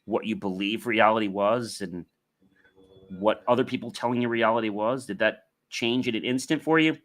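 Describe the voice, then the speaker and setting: A man's voice: on the low side, normal speed, fairly bright tone. A man hosting a podcast interview, asking questions and rambling as he searches for words. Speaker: podcast host.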